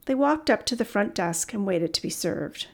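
Woman narrating a storybook, slight fry. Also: mid-range voice, animated, moderate pace. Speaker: audiobook narrator.

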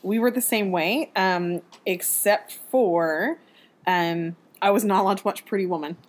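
A woman in her forties co-hosting a casual podcast, giggly and expressive. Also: medium pitch, measured pace. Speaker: podcast co-host. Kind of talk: casual chat.

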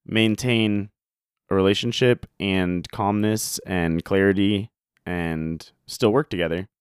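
Young man, podcast host, low smooth voice, dry close sound, casual swearing. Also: slow pace, no echo. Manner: relaxed, swears casually, acts out quotes. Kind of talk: casual interview chat.

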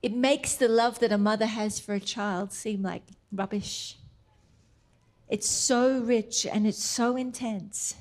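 A middle-aged woman preaching a sermon, tender and emphatic, slipping into soft whispered asides. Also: a little high, fairly even intonation, slow.

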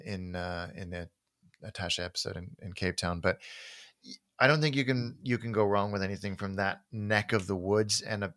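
Low-voiced man in dry, relaxed chat. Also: dry recording. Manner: rambling, enthusiastic wine talk. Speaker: podcast co-host. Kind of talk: casual chat.

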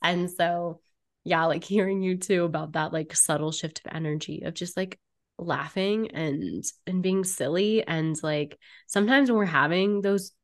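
A woman's voice: fairly low pitch, a little slow. A woman talking as a podcast guest about energy work, blunt, playful and often swearing. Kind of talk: casual podcast conversation.

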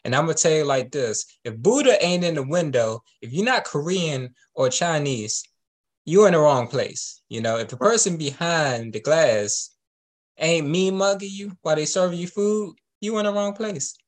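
A man's voice: on the high side, lively intonation, normal speed. Laid-back joking man from DC. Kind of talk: casual chat.

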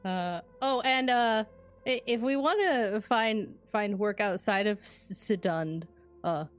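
A woman's voice: mid-range voice, slow. A woman playing a tabletop game, speaking hesitantly with stammers and small laughs. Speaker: player. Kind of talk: tabletop role-play banter.

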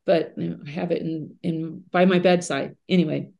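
A middle-aged woman with a mellow, warm voice, sitting a touch low in pitch, shares personal stories as a podcast guest. She talks earnestly and conversationally, leaning on everyday fillers as she reflects. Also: steady tone, normal speed, creaky, dull audio.

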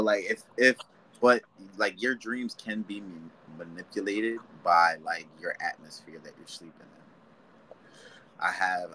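A man's voice: low-pitched, sharp tone, slight background noise, poor audio. A man co-hosting a podcast in casual chat, rambling in laid-back slang and acting out little quoted exchanges. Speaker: podcast co-host.

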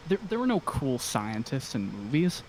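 A man talking as a guest on a casual podcast, pitched in an ordinary middle range. He hesitates a lot, filling gaps with ums and restarting his sentences, yet stays eager and enthusiastic. A faint hiss sits under the voice. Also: sing-song, moderate pace, a little mellow. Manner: enthusiastic fan talk.

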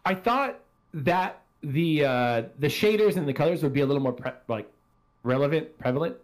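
A man's voice: fairly high pitch, expressive, normal speed. A man hosting a casual gaming podcast, rambling and swearing freely as he talks. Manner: rambling, profane, self-deprecating. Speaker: podcast host.

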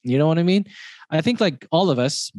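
A man's voice: on the high side, expressive, fairly quick, a little mellow, dry recording. A man in his thirties with a Malaysian accent, a podcast guest chatting casually, rambling with many restarts and laughing often. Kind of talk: casual interview chat.

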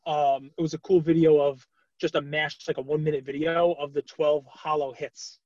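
A talkative man with a voice on the higher side, telling stories in loose casual chat full of fillers. He gets animated when he retells things. The sound is dry and a bit dull, with no room around it. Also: moderate pace, no room sound. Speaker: podcast co-host.

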